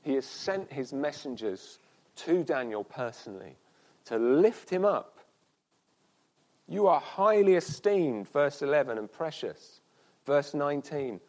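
A man's voice: fairly high pitch, big pitch swings, darkish tone. Earnest man preaching a sermon. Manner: earnest, pausing, with restarts and slow emphatic repeats. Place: church service.

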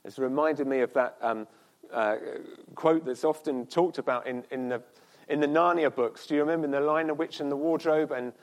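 A man preaching a sermon at a church service, earnest, with pauses and slow, emphatic repeats. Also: a little high.

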